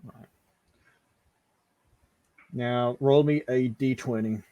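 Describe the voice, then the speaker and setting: A man's voice: medium pitch, steady tone, slow, mellow, no room sound, dull audio. A man running a live tabletop game as game master, talking casually with frequent restarts and the odd swear.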